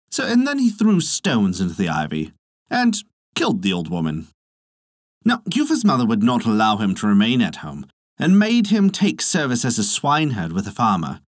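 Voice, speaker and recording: A regular podcast storyteller reading a folktale with a wildly animated, swooping delivery. The voice is husky and sits at a middle pitch. It is recorded dry and close, with faint music behind. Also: no echo. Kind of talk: scripted folktale narration.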